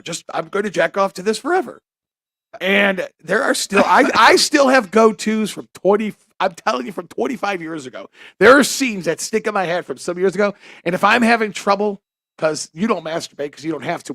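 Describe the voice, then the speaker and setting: A man's voice: high-pitched, expressive, brisk, vocal fry, sharp tone, no room sound, studio quality. A man telling crude, rambling stories on a podcast, often laughing at himself. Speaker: podcast co-host. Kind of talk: casual chat.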